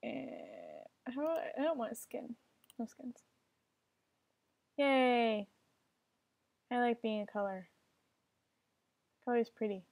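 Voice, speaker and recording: A woman's voice: fairly high pitch, sing-song, takes it slowly, creaky, pauses often, darkish tone. A young woman giving casual commentary while playing an online game, often frustrated and swearing at other players. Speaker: gamer.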